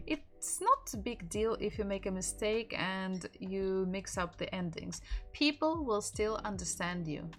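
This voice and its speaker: A woman whose first language is Russian teaching a live language lesson, slowly repeating words for learners to echo, laughing lightly between explanations. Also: mid-range voice.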